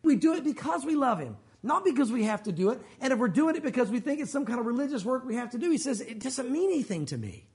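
At a church service, a male pastor preaches earnestly and emphatically, frequently posing rhetorical questions to his listeners. His very high voice is expressive and breathy-edged, moving quickly with few pauses.

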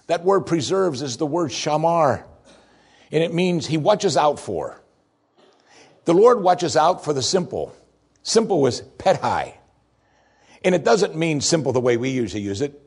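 A man preaching a sermon as pastor, expressive, rising for emphasis and dropping soft and low when quoting scripture. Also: normal speed, long pauses, husky.

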